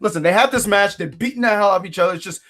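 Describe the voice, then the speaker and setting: Rapid-fire and high-voiced with a fairly bright tone, a man co-hosts a relaxed wrestling review show on a home mic. He jokes, plays the villain, and tosses out playful trash talk in casual podcast banter.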